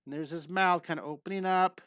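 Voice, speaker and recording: A man's voice: fairly high pitch, steady tone, a little fast, a bit bright, clean tone, no echo, clean studio sound. Upbeat man teaching drawing live. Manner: upbeat, encouraging, repeats reassuring catchphrases. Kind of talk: live online drawing lesson.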